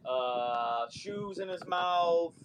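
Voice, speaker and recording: A man chatting casually on a podcast and telling animated stories about his baby son. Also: a little high, extremely slow, rough recording. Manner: animated storyteller, playful baby voices in quotes. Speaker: podcast co-host. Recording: noticeable background noise.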